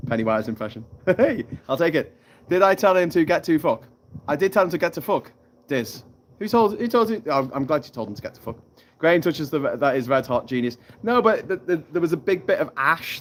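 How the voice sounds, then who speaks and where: A man hosting a live stream from outdoors, rambling, swearing and laughing as he reads out viewer comments. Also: mid-range voice. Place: hammock on an island lagoon, outdoors.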